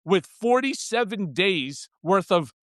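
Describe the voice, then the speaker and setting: A man's voice: high voice, takes it slowly, no echo, studio quality. A middle-aged man chatting as a guest on a political talk show, telling stories with lots of swearing and laughter. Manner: animated storyteller, swears freely, laughs at his own stories. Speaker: guest commentator. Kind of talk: casual political chat.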